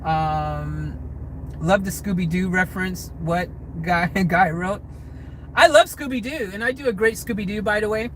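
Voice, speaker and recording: In a low-quality recording with a little hiss or hum, a US man vlogger sits in a car answering live chat. His high, fairly bright voice moves a little slowly with fairly even intonation as he reads comments and rambles, hedges and restarts.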